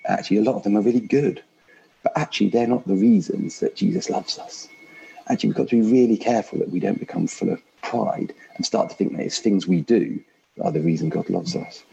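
A man's voice: lowish voice, expressive, brisk, vocal fry, warm tone, breathy edge, lo-fi sound. A man preaching a sermon from home in an earnest, conversational way. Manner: earnest, repeats "actually" often.

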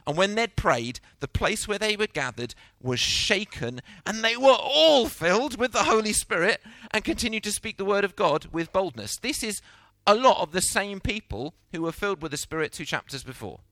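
Animated man preaching. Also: high voice, normal speed, dry recording. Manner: animated storytelling, acting out quotes. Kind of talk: sermon.

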